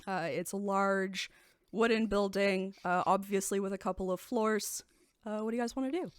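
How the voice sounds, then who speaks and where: A woman narrating a tabletop game as game master, describing scenes in a relaxed way with many ums and uhs. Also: mid-range voice, normal speed, clean tone, no room sound.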